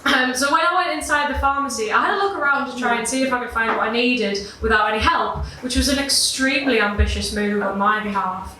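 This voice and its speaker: A woman's voice: on the high side, a little fast, few pauses, bright, forceful tone. A young woman telling a personal story live at a gig, self-deprecating and swearing casually, laughing through her lines. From Britain. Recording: echoey room, voice from far off.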